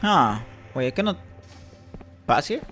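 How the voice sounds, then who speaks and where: A man's voice: fairly high pitch, sing-song, unhurried, a bit bright, faint music behind. A man streaming a game, reading items aloud and muttering casual, sometimes swearing asides.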